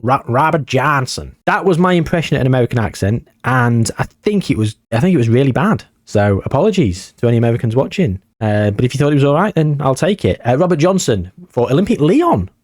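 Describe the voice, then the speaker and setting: A man's voice: medium pitch, big pitch swings, quick pace, hardly any pauses, darkish tone, no echo, studio quality. A man hosting his own channel, giving chatty, jokey video game commentary with rambling asides. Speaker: YouTuber, host.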